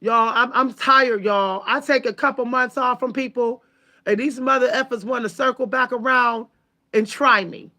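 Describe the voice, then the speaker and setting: A woman running her own channel delivers an angry, expletive-filled monologue to her viewers, emphatic and heated throughout. She speaks with a fairly high, steady voice at a moderate pace, bright and forceful in tone.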